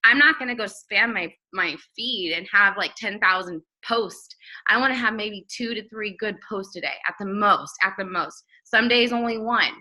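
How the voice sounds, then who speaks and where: A woman's voice: mid-range voice, normal speed, bright, forceful tone, rough recording. A young woman giving a blunt, emphatic live training talk to her viewers, repeating phrases for emphasis. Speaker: network marketing trainer.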